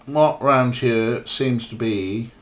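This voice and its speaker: A man's voice: medium pitch, takes it slowly. A young man streaming an old adventure game, giving sarcastic, swearing commentary. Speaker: let's play streamer. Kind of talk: casual gameplay commentary.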